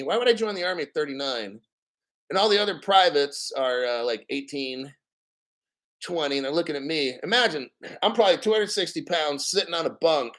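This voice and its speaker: A man's voice: fairly high pitch, a bit bright. A man in his fifties hosting a crypto channel, chatting casually on a livestream. He swears freely and drifts off into rambling stories. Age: 50s. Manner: rambling, profane, storytelling.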